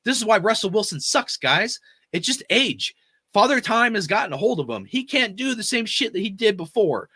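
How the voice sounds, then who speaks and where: A man's voice: high voice, sing-song, normal speed, sharp tone, husky, no echo, studio quality. A man hosting a fan channel, ranting about football and reading out chat comments in a blunt, cussing, rambling way. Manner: profane, emphatic, rambling.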